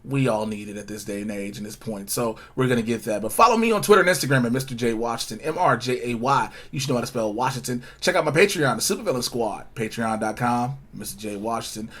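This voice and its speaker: A man's voice: medium pitch, fast talker, hardly any pauses, fairly bright tone. A man hosting a casual episode review and plugging his channels in an upbeat, punchy way. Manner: upbeat, punchy promo delivery. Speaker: host.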